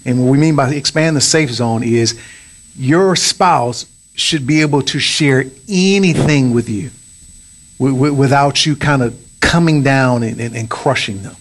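A man's voice: mid-range voice, unhurried. A man preaching on marriage as pastor, with emphatic lines that rise on key points. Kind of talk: sermon on marriage.

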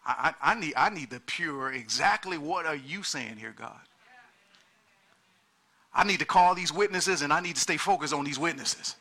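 A man delivering a sermon with a very bright, cutting tone. His voice sits a little high for a man. He talks in an animated way, stacks up repeated words and acts out the people in his story. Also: normal speed. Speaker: preacher.

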